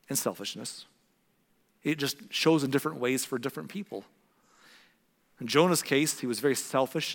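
Animated preacher man in a reverberant hall. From American Midwest. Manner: conversational, acts out quotes with big pitch jumps. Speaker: pastor. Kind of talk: sermon.

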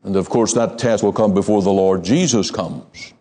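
A man preaching a sermon in a measured, emphatic way, slowing down to stress key words. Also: lowish voice, dark tone.

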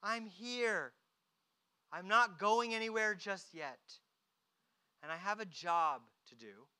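A preacher voicing Jesus as a gentle, calm man, speaking softly and reassuringly. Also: medium pitch, slow pace, clean tone.

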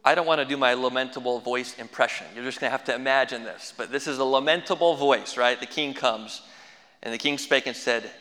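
A man's voice: medium pitch, fairly quick, sharp tone, big-room sound. A man preaching a sermon as pastor, folksy with dry humorous asides.

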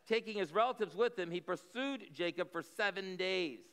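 High, smooth-voiced male preacher. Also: moderate pace, fairly bright tone. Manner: conversational, explanatory asides. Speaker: pastor. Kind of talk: sermon, reading scripture with commentary. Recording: echoey hall reverb.

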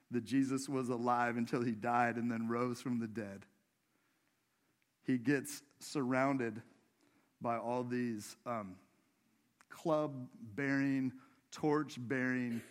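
A man's voice: mid-range voice, steady tone, slow pace, pauses often. A man preaching a sermon in a church, in a conversational way, putting questions to the congregation. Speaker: pastor.

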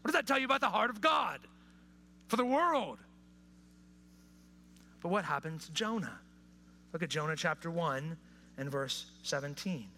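A man preaching a sermon to a live congregation, dropping to hushed, intimate asides and rising to impassioned appeals. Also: on the high side, animated, normal speed, long pauses, a little hiss or hum. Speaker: pastor. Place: church or hall with live audience.

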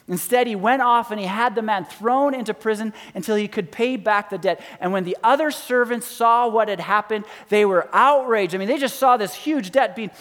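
A pastor giving a sermon, retelling a parable and swinging from loud emphasis to hushed, low endings. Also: male voice. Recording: reverberant hall.

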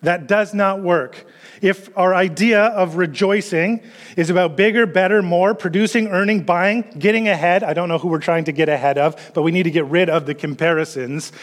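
Pastor preaching in a reverberant hall. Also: male voice, sits high, moderate pace. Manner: leads the congregation in call-and-response recitation. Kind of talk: sermon. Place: church sanctuary.

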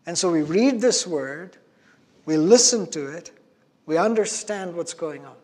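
High-voiced male preacher in a reverberant hall. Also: lively intonation. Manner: earnest, emphatic preaching with slow stressed phrases. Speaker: pastor. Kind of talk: sermon.

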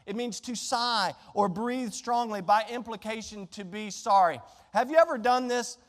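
A man preaching a sermon to a congregation, shifting between impassioned, conversational preaching and quiet pleading. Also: sits high, normal speed. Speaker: pastor. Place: church sanctuary. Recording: long church reverb.

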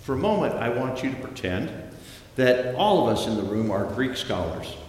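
A man's voice: medium pitch, very animated, normal speed, darkish tone, slight background noise. A man preaching a sermon in a church, storytelling with dramatic shifts and acting out the voices he quotes. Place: large echoey church hall. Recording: echoey hall reverb, faint ambience.

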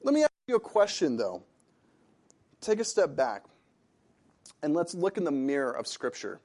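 Animated man preaching a sermon. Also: on the high side, moderate pace. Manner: animated, conversational preaching with audience questions. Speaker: pastor.

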